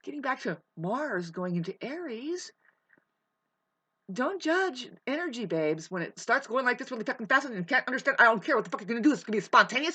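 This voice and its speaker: A young woman talks to the camera about astrology in a long, wandering monologue. She drifts between low, murmured asides and sudden loud, swearing outbursts, restarting her sentences as she goes. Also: sing-song, fairly quick, slightly rough. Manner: rambling, swinging from quiet musing to shouting, profane. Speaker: vlogger.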